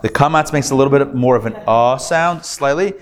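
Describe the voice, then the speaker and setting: A man, a rabbi, teaching a live Hebrew reading class in an upbeat, playful way, sounding out letters slowly for his students. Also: mid-range voice. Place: class hall, recorded live.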